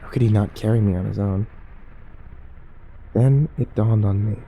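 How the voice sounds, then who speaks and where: Measured male horror narrator, warm low tone.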